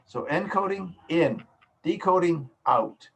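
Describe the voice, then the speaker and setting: A man's voice: on the high side, animated, takes it slowly, gravelly, fairly bright tone, husky, dull audio. A man teaching a class as professor over a video call, patiently explaining with simple everyday examples. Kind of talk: online lecture. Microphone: computer mic on a video call.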